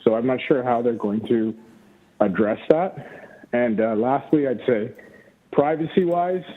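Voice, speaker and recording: A man speaking at a public hearing, slightly out of breath, earnest and halting with many fillers. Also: medium pitch. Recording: tinny phone line.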